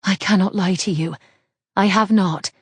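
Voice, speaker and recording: A woman's voice: medium pitch, unhurried, breathy edge, no echo. Breathless young lady, anxious and pleading, read by a woman narrator. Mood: earnest. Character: young noblewoman, anxious and tired.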